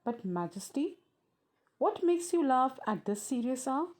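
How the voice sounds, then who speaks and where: A woman's voice: high-pitched, big pitch swings, a little slow, darkish tone. A woman reading the lines of the king's wise counselors, earnest and polite. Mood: pleading. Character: group of old male wise counselors, pleading.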